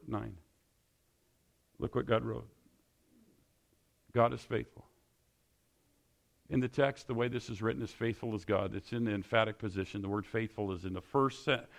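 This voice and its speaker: A man preaches to his congregation. He leans on emphatic, repeated questions. His voice sits at a middle pitch with a gravelly, crackling edge. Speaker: pastor. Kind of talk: sermon.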